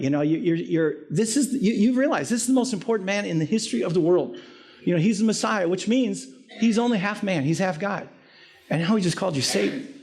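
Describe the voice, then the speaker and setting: High-voiced man giving a casual sermon. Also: vocal fry, darkish tone. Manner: informal, joking, self-deprecating asides. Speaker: preacher. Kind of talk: conversational sermon.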